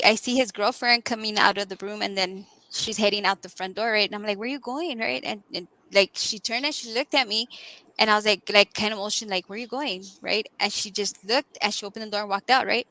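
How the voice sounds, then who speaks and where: Woman, bright, sharp tone, chatty guest telling a story in a relaxed way. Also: mid-range voice, brisk, no room sound, low-quality recording. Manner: animated storyteller, fillers like "right?" and "like". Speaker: guest co-host. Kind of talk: casual storytelling chat.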